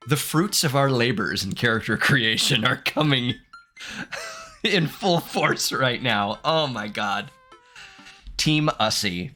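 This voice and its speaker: A man in his thirties doing let's play commentary, reading game text aloud, animated and candid, laughing often. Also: mid-range voice, slow, faint music behind. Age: 30s. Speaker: gaming streamer.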